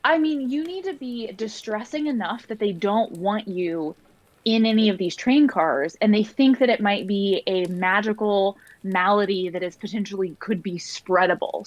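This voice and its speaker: A woman's voice: medium pitch, normal speed, dry recording, highs cut off. A woman playing a tabletop game over an online call, talking in a rambling way with many fillers. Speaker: player. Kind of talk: casual tabletop play.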